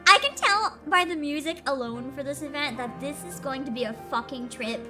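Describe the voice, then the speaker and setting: High, lively woman streamer over game music. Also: moderate pace. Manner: chatty and expressive, laughing often between remarks. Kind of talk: casual gaming livestream chat. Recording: game music playing loudly behind.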